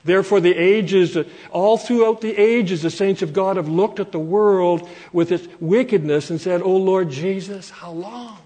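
A man preaching a sermon from Canada, earnest and repeating phrases for emphasis, slowing down to quote scripture. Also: sits high, warm tone.

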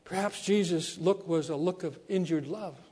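A man preaching a sermon as a pastor, repeating key phrases and swinging between soft low lines and loud emphatic ones. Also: normal speed, slightly rough.

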